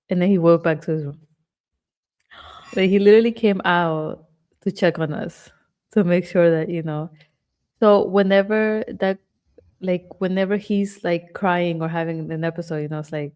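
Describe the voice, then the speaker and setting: A woman's voice: lowish voice, fairly even intonation, moderate pace, darkish tone, clear, resonant tone. A woman in her thirties co-hosting a podcast, chatting candidly about her family. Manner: chatty, candid, many fillers. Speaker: podcast co-host. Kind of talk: casual chat.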